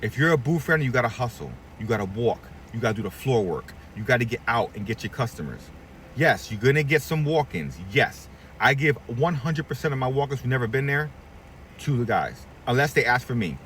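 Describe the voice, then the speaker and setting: A man's voice: medium pitch, expressive, brisk, fairly bright tone, recorded from a distance, a little hiss or hum. A middle-aged man who owns a barbershop, giving blunt, profane advice to other shop owners and acting out the people he quotes. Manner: blunt, profane, preachy, acts out quoted voices. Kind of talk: candid advice rant to camera.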